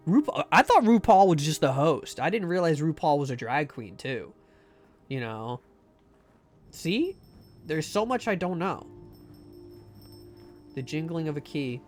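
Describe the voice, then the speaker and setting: A man's voice: on the high side, very animated, measured pace, pauses often, soft background music. A man streaming a game live, rambling and joking with many fillers and restarts. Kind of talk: casual live-stream chat.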